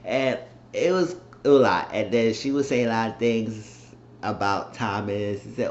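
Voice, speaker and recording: A man giving a casual, rambling recap of a reality show episode, retelling scenes with animated mimicked quotes. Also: fairly low pitch, normal speed. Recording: roomy, dull lo-fi sound with faint noise.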